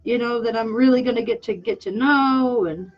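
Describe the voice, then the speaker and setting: Chatting as she draws, this young vlogger and artist speaks at a moderate pace in a fairly high voice. Her talk is candid and meandering, full of self-mockery and restarts, with a teary edge. The recording is muffled and lo-fi.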